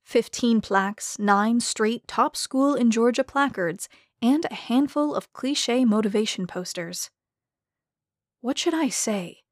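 A woman narrating a story in a measured, even way. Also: a little high, no room sound, studio quality. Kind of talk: scripted narration.

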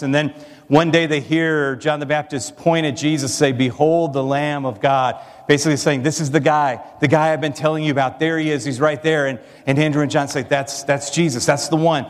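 A pastor with a slightly high voice preaches a sermon, and his words trail off in a long reverb. He's earnest and emphatic, putting rhetorical questions to his listeners.

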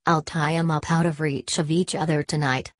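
A woman's voice: sits low, flat delivery, moderate pace, no echo, lightly acted. A woman voicing a gloomy, stubborn male frontier trapper who grumbles in backwoods dialect. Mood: grumbling.

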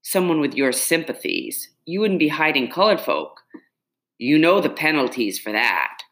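A woman's voice: deep voice, big pitch swings, moderate pace, a bit bright. A woman voicing a sly, threatening middle-aged man who questions others with suspicion. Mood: menacing. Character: menacing middle-aged male slave-catcher, sly. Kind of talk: audiobook character reading.

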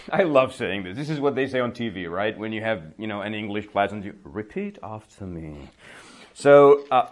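A man teaching a conversational English lesson, telling a story casually and acting out what people mutter. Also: lowish voice. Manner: storytelling, acts out mumbling voices, laughs often; bilingual, switches to Czech to explain.

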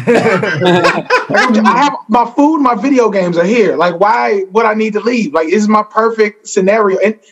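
A man doing a stand-up set, telling self-mocking stories in an animated way. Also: high voice, normal speed. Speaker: stand-up comedian.

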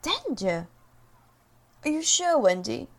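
A woman voicing a gentle, anxious mother in a storybook reading, speaking softly and pleadingly. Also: high voice, sing-song, takes it slowly, voice pushed up, heavily acted. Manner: soft, pleading.

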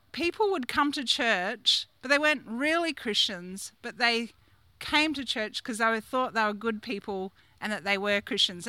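A woman in her fifties preaches a sermon in a chatty, questioning way, laughing now and then. Her voice is bright and crisp, pitched a little high. The sound is close and dry. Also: no echo. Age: 50s. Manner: chatty, asks the congregation questions, laughs often. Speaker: guest preacher. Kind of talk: conversational sermon.

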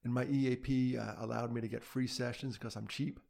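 Gravelly middle-aged man, candid advocate. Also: medium pitch, level tone, brisk, darkish tone. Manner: candid, self-deprecating, laughs often. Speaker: mental health advocate and speaker. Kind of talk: casual interview conversation.

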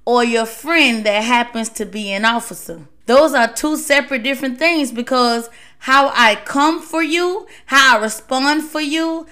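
A woman's voice: high voice, measured pace, bright, forceful tone. A woman hosting a podcast, giving emphatic advice in a casual monologue, repeating words for stress. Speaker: podcast host.

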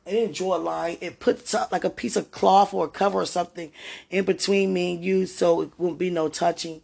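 A man with a high, gravelly voice delivers a long, heartfelt monologue to someone he loves. He rambles tenderly, with frequent religious thanks. The tone is husky and often sinks to a quiet murmur. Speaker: partner speaking to a loved one.

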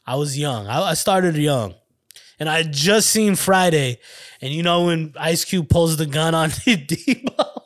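A man around forty with a somewhat high voice, hosting his own podcast. He tells stories in a loose, rambling, foul-mouthed way, circling back and restarting as he goes. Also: unhurried. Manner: rambling, profane, laid-back, restarts and laughs often. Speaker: podcast host. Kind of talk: casual storytelling monologue.

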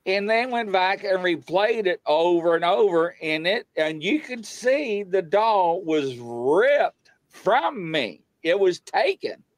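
Speaking slowly in a dry recording, a paranormal show guest shares a story conversationally. He voices the quoted lines dramatically, his pitch leaping up and down.

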